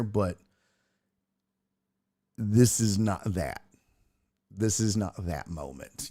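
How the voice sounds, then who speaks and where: A lowish, darkish male voice belongs to the host of a relaxed sports and entertainment stream. He reads out messages from viewers and tells humorous stories.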